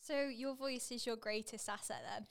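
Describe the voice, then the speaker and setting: A woman's voice: a little high, steady tone, moderate pace, gravelly. A young woman from Leek with a northern Staffordshire twang, hosting a podcast interview and chatting casually with plenty of "like" fillers. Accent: northern English, Staffordshire. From Leek, England.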